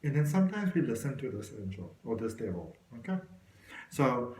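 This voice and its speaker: Male tarot reader, encouraging and direct with the viewer, mid-pitched voice, roomy echo. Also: big pitch swings, normal speed, mellow. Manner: encouraging, talks straight to the viewer. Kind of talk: tarot reading to camera.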